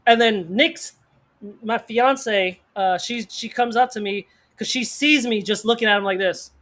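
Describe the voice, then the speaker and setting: A man co-hosting a podcast, telling a story in casual slang, animated and acting out the people in it. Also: high voice. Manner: fast bursts of speech, slang-heavy. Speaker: podcast co-host.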